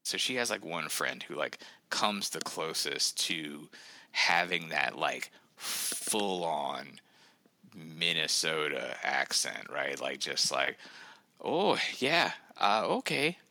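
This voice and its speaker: Brief: male author guest, low-pitched, very forceful edge, rambling chatter full of restarts. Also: takes it slowly. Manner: rambling, many fillers and restarts. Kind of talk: casual podcast chat.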